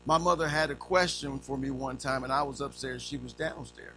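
A man's voice: medium pitch, a little fast, soft background music. A man in his fifties preaching a sermon, telling funny stories and acting out the voices in them. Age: 50s. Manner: animated storytelling, acting out quotes; humorous.

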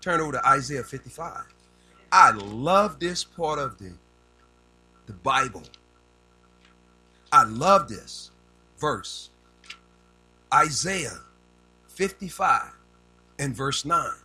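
A man's voice: medium pitch, animated, takes it slowly, long pauses, pushed and bright, soft background music, rough recording. An older man preaching a sermon in a folksy, down-home way, often repeating words as he builds a point. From rural United States.

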